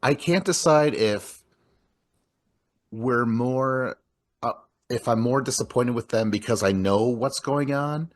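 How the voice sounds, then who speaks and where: A man's voice: mid-range voice, slow pace. A man casually talking through a movie scene by scene, rambling and swearing, laughing often. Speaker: podcast host.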